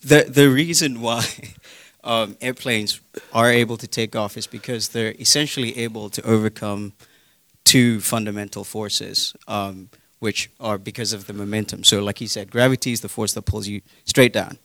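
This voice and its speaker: Gravelly British man explaining science. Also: fairly low pitch, fairly even intonation, moderate pace, fairly bright tone, dry recording. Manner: hesitant, with frequent fillers. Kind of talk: casual explanation.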